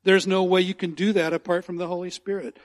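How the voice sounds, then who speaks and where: A man's voice: sits high, little pitch movement, fast. A man preaching a sermon as a pastor, earnest and emphatic, repeating key phrases and reading scripture aloud.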